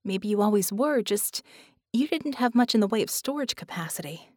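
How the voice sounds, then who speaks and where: A woman reader voicing a sharp, quick-talking young woman mage with excited questions. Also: medium pitch, no room sound, studio quality, natural voice. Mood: musing.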